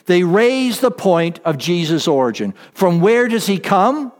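A man preaching a sermon as pastor, deliberate and emphatic, repeating his key phrases. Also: high-pitched, sing-song, in a large hall.

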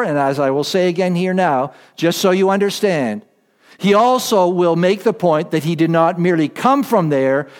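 A man preaching a sermon as pastor, deliberate and emphatic, repeating his key phrases. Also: high-pitched, long reverb tail.

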